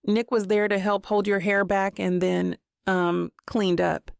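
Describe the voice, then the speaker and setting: A woman narrating a first-person romance audiobook in a measured, even way. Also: medium pitch, vocal fry, clean tone, no room sound, clean studio sound.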